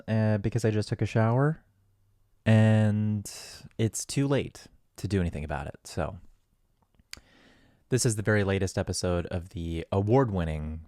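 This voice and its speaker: A man's voice: fairly low pitch, mellow, dry recording, clean studio sound. A man hosting a podcast in goofy, rambling, profane casual talk. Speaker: podcast host.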